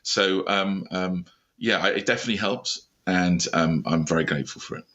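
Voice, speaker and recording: A man's voice: low-pitched, moderate pace, a bit bright, muffled recording. A middle-aged British man, a founder being interviewed on a podcast, talking with dry, self-deprecating humour. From Britain. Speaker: startup founder, guest.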